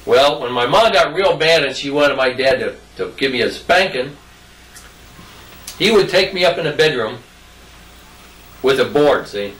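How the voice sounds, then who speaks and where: A man's voice: medium pitch, lively intonation, measured pace, pauses often, fairly bright tone. An older man telling childhood stories in a rambling, folksy way. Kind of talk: casual storytelling. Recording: roomy distant mic, faint noise.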